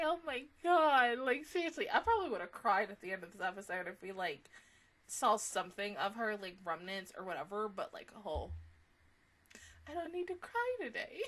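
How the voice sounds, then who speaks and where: A woman's voice: medium pitch, animated, normal speed, bright, forceful tone. A young woman giving a casual, emotional anime reaction review, gushing with frequent fillers and swearing.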